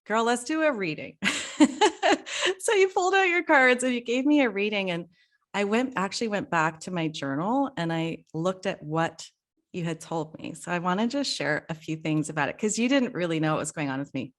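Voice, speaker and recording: A middle-aged woman hosting a podcast, talking in a casual, heartfelt way, emotional and quick to laugh. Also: mid-range voice, animated. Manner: warm, emotional, laughs often. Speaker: podcast host.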